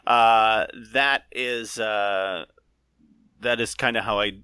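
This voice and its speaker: A man voice actor as a podcast guest, halting and self-deprecating with dry jokes. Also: fairly low pitch, fairly even intonation, bright, forceful tone, clear, resonant tone, no room sound. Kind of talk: casual podcast chat.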